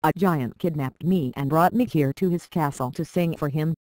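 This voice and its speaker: A storybook narrator voicing a soft-spoken magical golden harp, a captive female figure. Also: mid-range voice, normal speed, dry recording, close to an everyday voice. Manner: soft read-aloud dialogue. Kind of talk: storybook reading.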